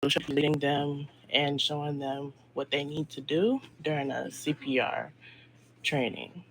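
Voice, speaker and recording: Slow, even-toned man explaining procedure. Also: a little high, no room sound. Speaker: training lead in an online meeting.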